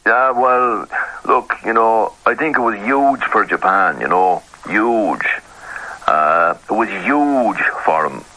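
This is an easygoing, unbothered Irish rugby pundit, as a man puts him on in a comedy sketch. His voice sits low yet comes out bright and forceful. He rambles in a relaxed, colloquial way. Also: slow, heavily acted, poor audio. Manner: laid-back, rambling, colloquial. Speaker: rugby pundit reporting from abroad.

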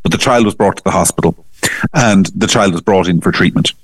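A man talks politics in a lowish, steady voice. He is emphatic and keeps restarting with repeated words. The sound is close and dry. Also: fairly quick, dry recording. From Ireland. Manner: emphatic, repeats words when starting sentences. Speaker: guest commentator. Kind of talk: opinionated political talk.

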